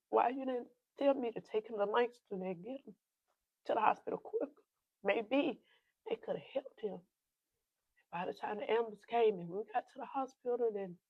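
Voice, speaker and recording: This woman pastor, a podcast guest with a South Carolina accent, speaks at normal speed in a fairly high voice, captured in narrow, tinny audio that is close and dry without echo. Recounting her testimony in emotional bursts, she repeats phrases, voices what each person said, and frequently falls to a soft whisper.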